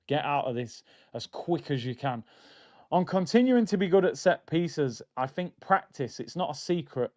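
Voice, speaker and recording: A man's voice: medium pitch, darkish tone. A man, a football channel host reading a press conference aloud and breaking in with sarcastic, mocking remarks. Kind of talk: casual reaction commentary reading a press conference. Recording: dull lo-fi audio.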